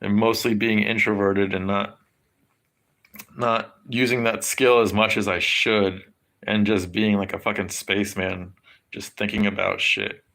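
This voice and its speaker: A low-voiced man with a gravelly, fry-heavy tone. He rambles to his livestream chat in loose, halting bursts, restarting sentences and swearing freely. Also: pushed and bright. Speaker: livestream host. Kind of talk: rambling casual stream chat.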